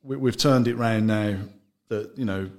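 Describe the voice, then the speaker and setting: A man's voice: lowish voice, measured pace, a little mellow. A man talking casually about his gin brand in an interview, chatty and loose, often trailing off mid-sentence. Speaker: gin brand founder, guest.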